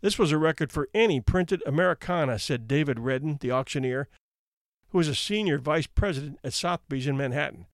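A man's voice: on the high side, lively intonation, a little fast, no room sound. Man, storyteller, wry casual read-aloud, dry close sound. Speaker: storyteller reading anecdotes.

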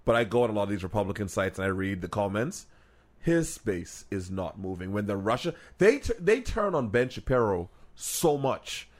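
Male podcast co-host, animated, acts out quotes, laughs often. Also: fairly low pitch, normal speed. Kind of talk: casual podcast chat.

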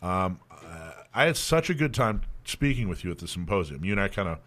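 A man's voice: deep voice, sing-song, a little fast, a bit bright. A man from the American South hosting a radio talk show, enthusiastic, his words running together. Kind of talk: casual radio chat.

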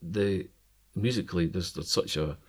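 A man's voice: low-pitched, moderate pace, darkish tone, slight background noise. A man in an interview, easygoing, with many fillers and stuttered starts. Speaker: music interviewee. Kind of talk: casual interview talk.

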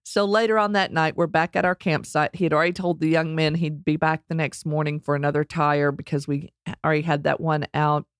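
A middle-aged woman telling a personal story in a casual, animated way, acting out quotes and laughing along. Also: low-pitched, fairly quick, no room sound, studio quality.

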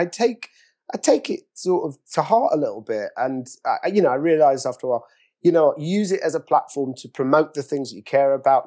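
A middle-aged man with an English accent, an actor telling anecdotes in a casual interview, acting out quoted voices with big jumps in pitch. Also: darkish tone.

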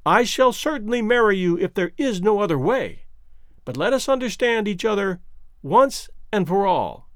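A man's voice: sits high, big pitch swings, moderate pace, fairly bright tone, no echo, clean studio sound, full character voice. A proud cold young woman, as a man reads her. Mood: cold, defiant. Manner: cold, level and cutting.

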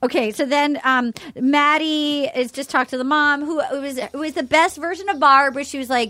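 A woman co-hosting a podcast in casual chat, excitable and laughing, retelling scenes with shouted impressions. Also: high voice, moderate pace, hardly any pauses, dry recording. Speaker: podcast co-host. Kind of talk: casual chat with comic reenactment. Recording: audible background noise.

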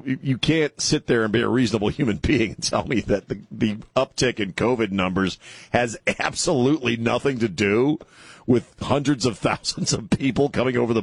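A man's voice: mid-range voice, creaky, husky, dry recording. Sarcastic male talk radio host. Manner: sarcastic, mocking, chatty.

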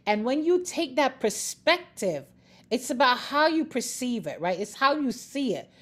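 This is a woman with a somewhat high voice who delivers a faith-based motivational talk. She speaks straight to her listener, laughs freely and repeats her phrases for emphasis. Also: a little slow. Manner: expressive, laughs often, encouraging.

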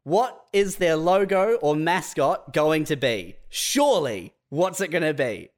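Animated man spinning comic stories. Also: unhurried. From New Zealand. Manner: animated storyteller, swears freely, acts out jumpy high-pitched quoted voices. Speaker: podcast co-host. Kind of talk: casual comedic chat.

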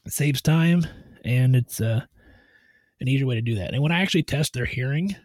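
A man who gives medical exams, explaining his routine step by step in a steady, methodical way on a podcast. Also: mid-range voice, brisk, no echo. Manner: steady, methodical, tries to stay on task. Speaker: medical provider doing truck-driver physicals.

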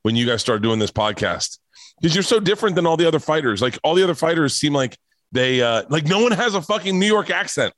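A man's voice: a little high, sing-song, quick pace, a bit bright, no echo. Rambling, profane middle-aged man. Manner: rambling, profane, gets emotional and choked up. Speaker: comedian guest on a podcast. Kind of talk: casual storytelling chat.

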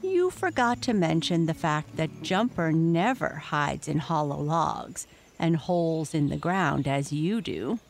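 A woman's voice: low voice, lively intonation, a little slow, gravelly, slight background noise, exaggerated voice. A woman voicing a wise, kindly old female nature teacher who asks patient questions. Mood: teaching.

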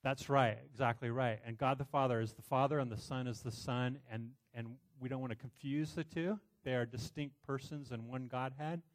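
A middle-aged man preaching, telling a personal story in an animated way with many restarts. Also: medium pitch, normal speed, few pauses. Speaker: pastor.

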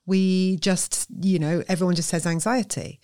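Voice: mid-range voice, steady tone, normal speed, darkish tone, no echo, clean studio sound. A therapist, explaining earnestly and emphatically in a conversational interview. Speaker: therapist guest.

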